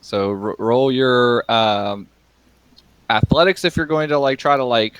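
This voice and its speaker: A man's voice: medium pitch, measured pace, fairly bright tone, clear, resonant tone, dry recording. A young man running a tabletop game as game master, talking casually with lots of fillers and frequent laughter.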